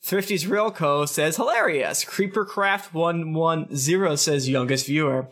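Guy rattling thru listener reviews, bright voice, pitched a bit high, laughs along. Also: steady tone, normal speed, hardly any pauses. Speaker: podcast co-host reading listener reviews. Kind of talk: quick casual read-through.

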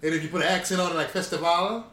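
Man, slightly high voice, laid-back, joking, swears, roomy echo. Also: level tone, racing, pushed and bright. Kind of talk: casual podcast chat.

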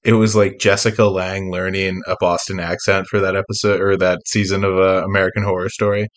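A man in casual podcast chat, telling wry deadpan stories. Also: sits low, fairly quick. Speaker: podcast co-host.

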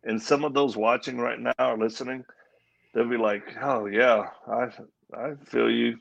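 A man's voice: mid-range voice, steady tone, moderate pace, vocal fry, a bit bright, muffled recording. A man giving his personal testimony as an interview guest, earnest and acting out the voices in his story. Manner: earnest storyteller, acts out quoted dialogue. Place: live event at a Christian coffee house.

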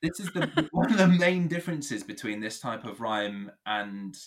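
An Englishman explains rap rhyme in a relaxed, conversational style, animated and playful and quick to laugh. His voice sits fairly low and moves at a moderate pace.

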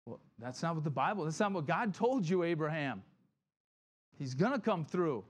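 Conversational preacher man, slightly high voice. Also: sing-song. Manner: conversational preaching, asks "right?" often; acts out Bible figures in quick quoted voices. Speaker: pastor. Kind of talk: sermon.

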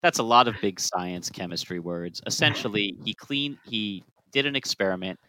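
A man's voice: fairly low pitch, moderate pace, bright, forceful tone, no room sound, poor audio. A man co-hosting a casual podcast, telling chemistry history in a playful, joking way. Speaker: podcast co-host.

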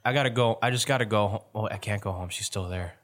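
A man voicing a downtrodden man at a tavern bar, talking in halting, defeated bits in a tabletop game. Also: fairly low pitch, a bit bright, lightly acted.

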